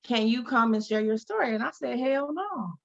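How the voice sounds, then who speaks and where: Gravelly-voiced woman telling her story. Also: fairly high pitch, moderate pace. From Detroit. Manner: animated storyteller acting out quoted voices. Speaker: guest, advocate and speaker. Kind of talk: candid interview storytelling. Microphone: video call. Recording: dull lo-fi video call audio.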